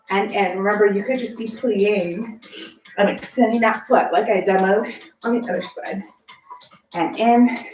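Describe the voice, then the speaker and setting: A winded woman teaching a barre class at an unhurried pace, counting reps and calling out short encouraging cues. She is picked up from some distance in an echoey room, with faint music playing behind her. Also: mid-range voice. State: out of breath from exercising. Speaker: barre fitness instructor. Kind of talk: guided workout class cueing.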